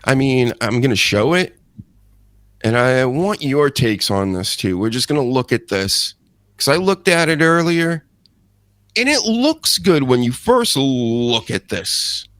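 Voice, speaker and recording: A rambling, jokey man hosting a wrestling talk show. He sits close to a dead, dry mic with no room sound at all. His pitch sits in an ordinary middle range. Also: very animated, unhurried, fairly bright tone, no room sound. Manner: rambling, jokey, laughs often. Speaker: podcast host. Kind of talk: casual wrestling chat.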